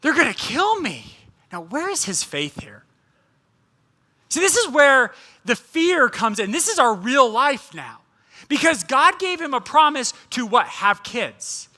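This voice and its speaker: A man's voice: very high-pitched, very animated, a little slow, bright, forceful tone. A man preaching a sermon as a guest speaker, in a humorous, conversational way with playful asides.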